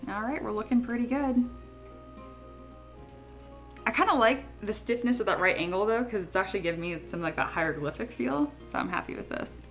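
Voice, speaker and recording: A woman's voice: medium pitch, expressive, brisk, faint music behind. A young woman from California chatting casually while she works on a livestream, rambling and laughing often. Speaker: 3D sculptor streaming her work.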